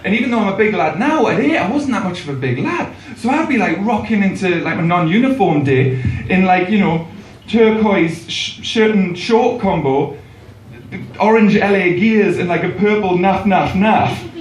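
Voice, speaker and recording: Brief: young Geordie man, stand-up comic, rambling and self-mocking, high lively voice, heard from afar in an echoey club. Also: normal speed, far from the mic, slight background noise. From Newcastle, England. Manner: rambling, self-deprecating, laughing at himself. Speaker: stand-up comedian. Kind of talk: stand-up comedy set. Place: comedy club stage, first gig.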